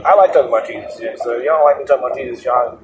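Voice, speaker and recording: Male host, mid-pitched, rambling and laughing, taped in a car with clear road noise. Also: very fast. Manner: chatty, laughs often, many restarts. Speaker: podcast host. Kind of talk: rambling casual monologue. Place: moving vehicle.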